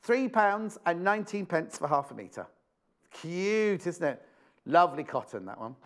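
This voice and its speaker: British TV shopping host, lively up-and-down delivery, chatty, keeps repeating himself. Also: male voice, high-pitched, measured pace. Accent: British English. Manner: chatty, exclamatory, repeats prices and phrases. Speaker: shopping channel presenter. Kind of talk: live TV sales presentation.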